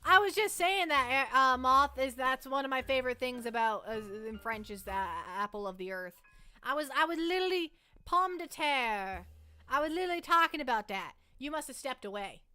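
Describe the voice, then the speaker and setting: A young Canadian woman chats loosely on a livestream, with a high voice that rings bright. She rambles and trips over her own words, and faint music plays underneath. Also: fairly quick, hardly any pauses, smooth. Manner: rambling, chatty, self-interrupting. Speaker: livestream host. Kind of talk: casual chat with chat.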